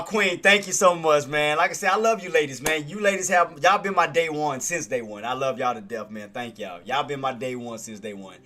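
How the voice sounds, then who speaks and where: Excited man with a bright voice. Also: mid-range voice. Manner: excited, repetitive shout-outs to viewers. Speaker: stock trading streamer. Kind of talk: casual livestream recap.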